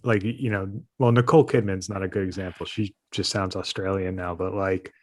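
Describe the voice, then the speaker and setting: A man's voice: low-pitched, fairly even intonation, brisk, darkish tone. A man co-hosting a casual talk show, easygoing and trailing off mid-thought. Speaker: co-host. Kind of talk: casual chat.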